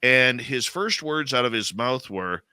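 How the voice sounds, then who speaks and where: A man's voice: medium pitch, expressive, measured pace, pushed and bright, smooth, no room sound. A man with a Canadian accent, hosting a live radio talk show in a rambling, conversational way, full of fillers and restarts. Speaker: radio host.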